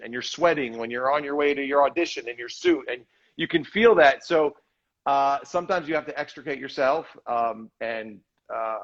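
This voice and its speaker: A tired man muses and rambles in a casual live video chat. His voice sits in a middling pitch and comes through slightly dull call audio. He pokes fun at himself as he talks. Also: fairly bright tone. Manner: reflective, rambling, self-deprecating. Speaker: actor and director, guest.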